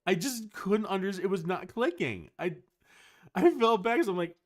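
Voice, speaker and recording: Lively higher-voiced male streamer. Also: moderate pace. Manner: animated storytelling with frequent restarts. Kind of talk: casual livestream chat.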